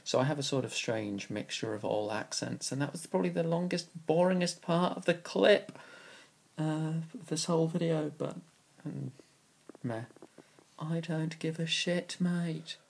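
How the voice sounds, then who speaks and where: A man's voice: a little high, unhurried, vocal fry, slightly rough. A young man from southeast England with a southeast English accent, answering a list of questions in a dry, sarcastic and rambling way. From Kingston upon Thames, England. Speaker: vlogger. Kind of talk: casual answers to a question tag.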